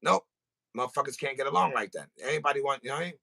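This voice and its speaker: A man hosting a podcast in a studio, ranting with animated, profane, comic storytelling. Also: medium pitch, rapid-fire, creaky. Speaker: podcast host. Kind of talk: casual podcast rant.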